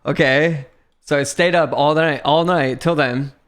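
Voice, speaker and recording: A man's voice: fairly high pitch, moderate pace, clean tone. A young man telling a frustrating story on a livestream, swearing often and laughing as he goes. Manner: swearing, animated retelling with laughs. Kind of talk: casual storytelling chat.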